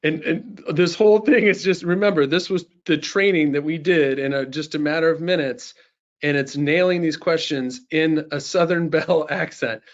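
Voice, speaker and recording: A man hosting a webinar and walking viewers through a sales demo, upbeat and full of casual fillers. His voice sits a little high, and the audio is slightly muffled, as from a screen recording. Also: fairly even intonation, normal speed. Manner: upbeat salesman, many fillers like you know. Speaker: webinar presenter. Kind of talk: live software sales demo.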